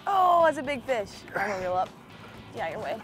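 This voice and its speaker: A young woman vlogging from a fishing boat outdoors, chatting casually and bursting into excited shouts. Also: on the high side, a little fast, soft background music. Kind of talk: casual vlog commentary.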